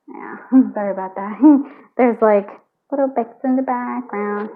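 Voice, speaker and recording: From home with her cats, a woman gives a casual pick-a-card tarot reading, rambling and chatty with lots of fillers. Her voice is fairly high and measured in pace, with slight background noise and a thin, phone-like sound.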